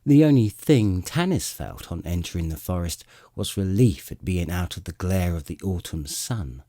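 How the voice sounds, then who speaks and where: A man narrating a fantasy audiobook with expressive storytelling. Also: low-pitched, dry recording, studio quality.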